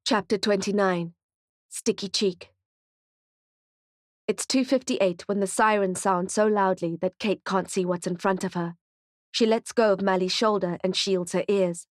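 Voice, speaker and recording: A woman's voice: medium pitch, measured pace, no echo. Woman narrating a thriller audiobook, dry. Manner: tense, steady storytelling in present tense.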